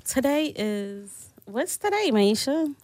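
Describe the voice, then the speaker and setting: A woman with a fairly high voice keeps asking puzzled questions in a casual chat. She laughs easily between her thoughts. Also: very animated, slow, a little mellow, no room sound, clean studio sound. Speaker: podcast co-host.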